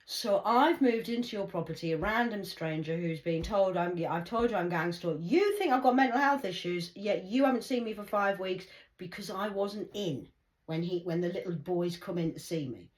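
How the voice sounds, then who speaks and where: A woman's voice: fairly low pitch, expressive, normal speed, poor audio. A woman ranting sarcastically to her viewers in a heated, repetitive monologue. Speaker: vlogger.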